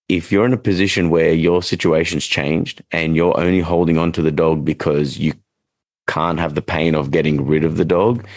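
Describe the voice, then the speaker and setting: Aussie guy dog trainer, low voice, rambly podcast talk, dry close mic. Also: no room sound. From Australia. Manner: rambling, animated when quoting clients. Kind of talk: casual podcast chat.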